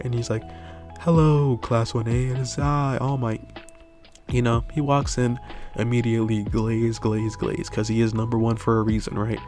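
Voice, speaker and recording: A man's voice: medium pitch, darkish tone. A man improvising a fan story aloud in a rambling way, full of fillers and tag questions. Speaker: channel host.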